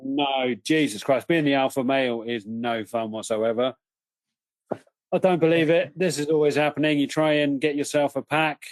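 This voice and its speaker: A man's voice: a little high, no room sound, natural voice. A randy wild dingo that moans about losing his pack, chatty and put-upon, as a man puts him on. He grumbles and swears through a dry, close recording of an improvised tabletop game. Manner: chatty, moaning, swears a lot.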